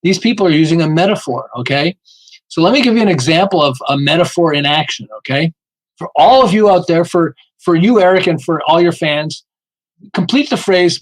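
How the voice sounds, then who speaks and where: A man's voice: a little high, rough recording. A man telling marketing stories in a podcast interview, emphatic and often asking "okay?" as he acts out little dialogues. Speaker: podcast guest, marketing author. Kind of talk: animated storytelling interview.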